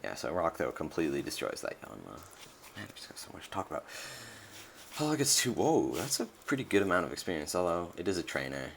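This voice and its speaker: Brief: young male let's-player, very deep, gravelly fry, rambling casual commentary, faint hiss behind. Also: huge pitch swings, fast talker, a bit bright. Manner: rambling, many fillers and restarts.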